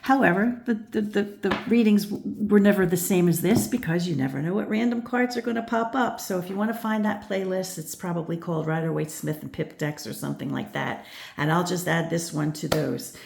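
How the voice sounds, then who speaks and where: A woman's voice: fairly low pitch, a little fast, gravelly, darkish tone, slight background noise. A woman, older, giving a casual tarot reading, thoughtful and rambling, with many restarts and "you know" fillers. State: out of breath at times. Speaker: tarot reader and channel host.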